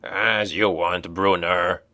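A gruff, greedy dwarf, voiced by a male narrator with a low grumbling voice. He talks slowly and scornfully. The sound is dry. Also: fairly even intonation, bright, forceful tone, no echo, heavily acted. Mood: gruff scorn.

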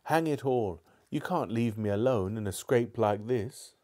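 A man's voice: medium pitch, unhurried, warm tone, lightly acted. A man voicing an anxious, earnest young boy who pleads in old-fashioned schoolboy slang, in a live book reading. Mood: pleading.

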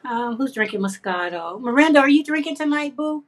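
A woman's voice: sits high, animated, brisk. A woman hosting a craft livestream, chatting casually and affectionately with viewers, reading their comments aloud and laughing often.

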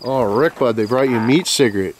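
A man's voice: fast talker, a loud crowd. A man filming a vlog, joking, swearing and teasing friends in casual banter. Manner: loud, profane, jokey, swings pitch a lot. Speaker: vlogger filming. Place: outdoors at a truck, crickets around. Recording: outdoor camera audio with background noise.

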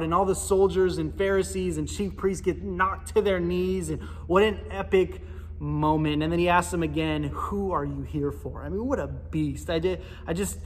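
A man preaching a sermon in a church, with a casual, animated storytelling manner. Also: fairly high pitch, long reverb tail. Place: church sanctuary.

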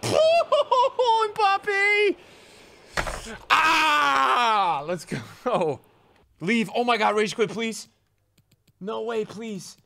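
A young adult man giving live commentary over his own video game matches, excitable, jumping from loud yelps to low muttering. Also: takes it slowly, creaky, pauses often, slight background noise. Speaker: gaming video creator.

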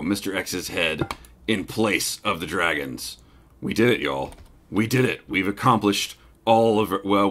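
A man casually commenting on his own gameplay as host, talking to his animals and breaking into excited shouts in big moments. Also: on the low side, creaky. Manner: chatty, talks to his pets, bursts into excited shouts.

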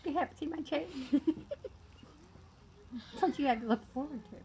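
A woman's voice: high voice, brisk, darkish tone, slight background noise, rough recording. A woman in her sixties from New York, with a New York accent, joking bluntly in casual chat. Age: 60s.

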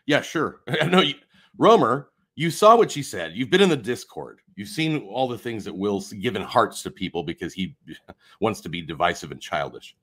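A man's voice: on the low side, sing-song, moderate pace, a bit bright, slightly rough. A man ranting on a live stream in a heated, profane and confrontational way. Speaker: livestreamer.

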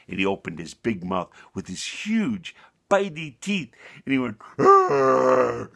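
A man telling a bedtime story for children, animated and homespun, talking straight to the listener. His voice is low and gravelly with a husky edge, and it swoops high and low all the way through. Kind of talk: bedtime story reading with a moral.

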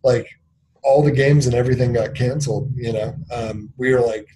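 A man's voice: medium pitch, fairly even intonation, noisy background. A man in his thirties, a company CEO, talking candidly in an interview, reflective and full of fillers, acting out bits of dialogue as he goes. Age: 30s. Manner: reflective, filler-heavy, acts out dialogue in quick bursts.

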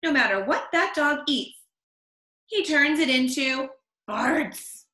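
Woman playing a stern storybook dad, roaring, bright voice, echoey room. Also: a little high, big pitch swings, moderate pace. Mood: angry. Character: angry father, loud and stern.

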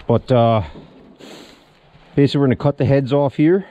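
A man with a mellow, warm voice talks through a do-it-yourself wiring job on his truck, relaxed and loose as he works with his hands. The recording sounds slightly dull and lo-fi, made outdoors. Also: medium pitch, moderate pace. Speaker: small business owner showing a truck equipment setup. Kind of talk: casual how-to vlog.

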